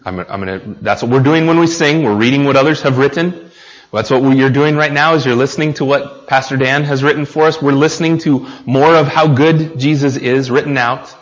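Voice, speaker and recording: Earnest American preacher, mid-pitched, sermon delivered straight to the congregation, slightly muffled recording. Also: male voice, a little fast, big-room sound. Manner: earnest, speaks directly to the congregation with questions.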